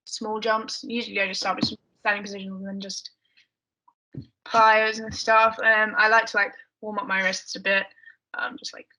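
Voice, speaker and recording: A woman's voice: medium pitch, flat delivery, moderate pace, bright, forceful tone, low-quality recording. A young woman with an English accent, chatting casually as a podcast guest, mumbly with lots of fillers. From England. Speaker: guest athlete.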